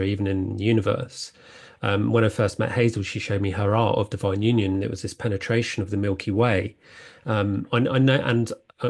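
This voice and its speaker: Gravelly low-voiced man, halting monologue. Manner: halting, with many fillers and restarts. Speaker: spiritual podcast host. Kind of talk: reflective solo monologue.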